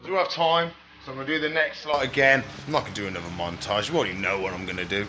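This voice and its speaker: A man's voice: medium pitch, flat delivery, racing, pushed and bright, dull audio, a little hiss or hum. A man running a reptile shop vlog, chatting casually and baby-talking to the animals. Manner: playful, baby-talks to animals. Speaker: reptile shop owner and vlogger. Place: pet shop.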